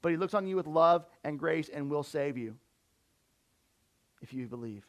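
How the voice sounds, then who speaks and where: A male pastor with a notably high voice delivers an emphatic sermon. He stumbles and repeats words as he presses his point, rising and dropping in force. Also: lively intonation, normal speed.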